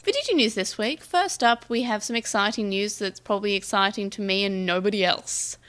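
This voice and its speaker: A woman's voice: mid-range voice, expressive, a little fast, a bit bright, faint music behind. Woman, podcast co-host, casual and chatty, trips over her words a little. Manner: chatty, restarts sentences often.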